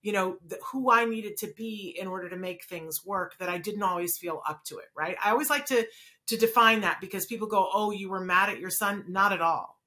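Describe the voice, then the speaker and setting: A woman's voice: medium pitch, a little fast, sharp tone. A woman hosting an interview, a parent herself, asking questions and sharing personal experience in an earnest, conversational way. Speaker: host and parent. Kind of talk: podcast interview.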